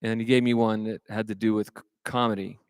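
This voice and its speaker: A man's voice: lowish voice, level tone, brisk, a little mellow, clean tone, no room sound, studio quality. A man from California who is a singer-songwriter, chatting and telling self-mocking jokes between songs at a live show. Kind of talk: stage banter and joke-telling between songs.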